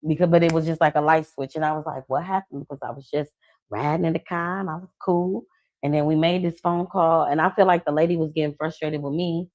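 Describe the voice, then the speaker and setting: Love coach woman, low voice, dry. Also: quick pace, dry recording, lo-fi sound. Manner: animated storytelling, acts out quoted people; slangy, conversational. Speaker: love coach and podcast host. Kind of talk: casual podcast chat.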